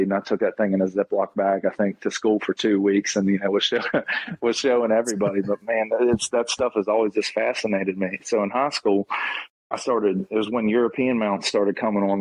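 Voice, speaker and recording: A man's voice: on the low side, darkish tone, no room sound. A man in his thirties, a taxidermist guest, telling stories in a loose rambling way, saying "man" and "you know" a lot. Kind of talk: casual interview storytelling. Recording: dull lo-fi podcast audio.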